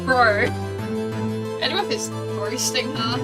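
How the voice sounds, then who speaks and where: A woman's voice: on the high side, moderate pace. A woman streaming a game, chatting casually and reading the dialogue aloud with asides. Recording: distant mic, loud game music.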